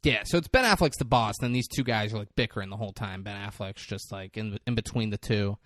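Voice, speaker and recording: Brief: casual male podcast co-host, animated, swears often, dry mic. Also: fairly low pitch, quick pace, no echo. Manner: excitable, swears a lot. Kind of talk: casual chat.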